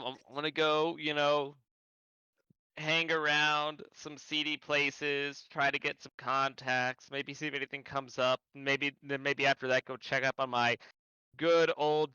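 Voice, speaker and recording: Slow, bright-voiced male player. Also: on the high side, fairly even intonation, smooth, no room sound. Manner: playful, sly. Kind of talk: casual chat at a tabletop game. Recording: dry, dull mic.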